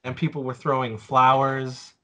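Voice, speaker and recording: A man in his forties tells a story on a casual podcast, rambling with plenty of fillers and restarts. His mid-range voice is level in tone, moderately paced, and sounds pushed and bright.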